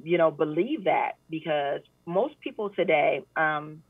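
A woman guest talking earnestly in a casual interview chat, often animated and full of fillers. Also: sits low, measured pace, breathy edge, dry recording. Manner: earnest, animated when retelling, many fillers. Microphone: phone call. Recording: tinny phone line.

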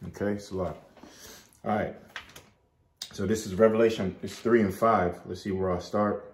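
A man giving an informal Bible study, chatting loosely and reading scripture aloud slowly. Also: on the low side, fairly even intonation, roomy sound, a little hiss or hum. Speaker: Bible teacher.

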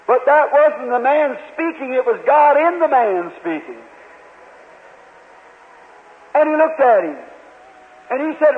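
A man preaching a sermon in a large church, telling a Bible story earnestly with halting restarts and quoted voices. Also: very high voice, animated. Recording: old lo-fi tape, hall reverb, tinny.

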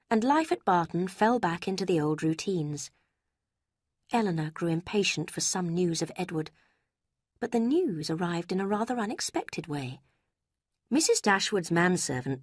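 Woman narrator, audiobook, breathy, steady, dry close sound. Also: lowish voice, dry recording. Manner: clear, steady storytelling.

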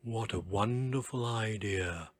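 A man's voice: lowish voice, slow pace, voice pushed down. A man voicing a strange, clumsy male dinosaur in a storybook reading, weary and muttering.

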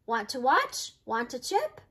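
A woman's voice: sits high, wildly swooping pitch, measured pace, a bit bright, husky, full character voice. An older woman voicing an easygoing, fun-loving grandmother in a read-aloud storybook, breezy and carefree.

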